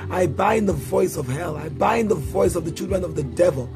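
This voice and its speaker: A man's voice: high voice, lively intonation, normal speed, creaky, over music. A man preaching and leading prayer, chanting declarations in a sing-song rhythm and prompting listeners to repeat after him. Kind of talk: sermon prayer.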